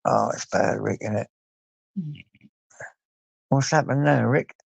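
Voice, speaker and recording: A man's voice: mid-range voice, slow, vocal fry, breathy edge, no echo. An older man with an English accent hosting a late-night livestream, rambling and greeting viewers by name, swearing freely. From England. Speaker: livestream host. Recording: dull lo-fi stream audio.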